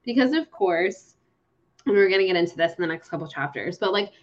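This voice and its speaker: A woman's voice: on the low side, brisk. A young woman co-hosting a casual book podcast, retelling scenes with playful voices for the characters. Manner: animated, acts out characters' lines while retelling. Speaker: podcast co-host. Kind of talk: casual book-club chat. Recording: slightly dull lo-fi sound.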